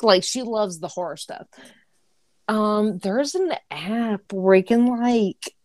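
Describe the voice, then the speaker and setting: A woman's voice: medium pitch, slow pace, darkish tone, no room sound, studio quality. A woman co-hosting a horror podcast, telling stories in a brash, profane, laughing way. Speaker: podcast co-host. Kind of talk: casual chat.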